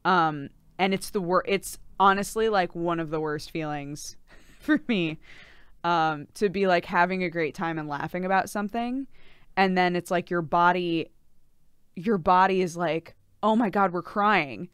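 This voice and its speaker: A young woman streams and chats casually, her voice smooth and a little low, laughing often as she talks. She is recorded close and dry on a desk mic. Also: unhurried, fairly bright tone, no echo. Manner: chatty, frequent laughter, lots of fillers. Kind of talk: casual live-stream chat.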